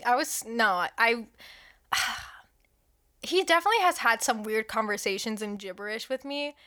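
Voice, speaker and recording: A young woman co-hosting a chatty podcast, her voice pitched a little high and very bright. She tells stories in an animated way and slips into whispers when she quotes people. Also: moderate pace. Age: young adult. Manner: animated storytelling, drops to whispers for quoted lines. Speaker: podcast co-host. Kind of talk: casual chat.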